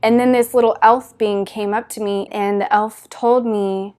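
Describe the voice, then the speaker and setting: A woman's voice: mid-range voice, fairly even intonation, measured pace, few pauses, darkish tone. A woman giving a spiritual talk to her viewers, telling it in an earnest, gushing way with many "like" fillers. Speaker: spiritual teacher.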